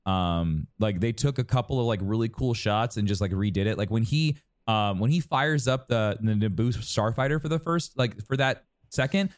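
A man's voice: fairly low pitch, normal speed, no echo, clean studio sound. A man co-hosting a podcast, rambling in casual chat with many restarts and fillers. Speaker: podcast co-host.

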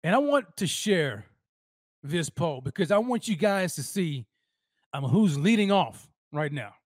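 A young man hosting a live sports talk stream, excitable and slangy, repeating himself and piling on phrases. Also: fairly high pitch, unhurried, no echo, clean studio sound. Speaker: sports podcast host.

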